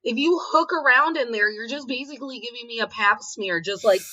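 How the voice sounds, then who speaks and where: A woman's voice: a little high, a little fast, bright, forceful tone, highs cut off. A woman co-hosting a podcast, telling bawdy stories with giggles and acted-out quotes. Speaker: podcast co-host. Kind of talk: candid storytelling chat.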